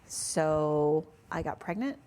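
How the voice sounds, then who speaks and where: A woman in her forties telling her own story in a casual podcast interview, animated and acting out the people she quotes. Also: sits low, takes it slowly, slight background noise. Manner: animated, acts out voices in her stories. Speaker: guest.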